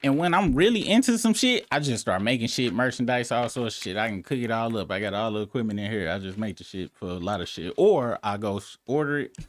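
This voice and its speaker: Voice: mid-range voice, animated, fast talker, hardly any pauses. A live-stream host in casual, profane, rambling chat, breaking into incredulous outbursts.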